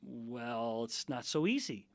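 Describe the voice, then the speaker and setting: Middle-aged man, scientist guest, methodical lecturing manner, mid pitch, dry close recording. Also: animated, takes it slowly, no echo. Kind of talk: explanatory interview talk.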